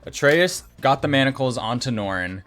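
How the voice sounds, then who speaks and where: A man at a mid pitch, narrating a tabletop game as game master. He talks in a relaxed, chatty way and often slips into laughter mid-scene. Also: moderate pace, faint music behind.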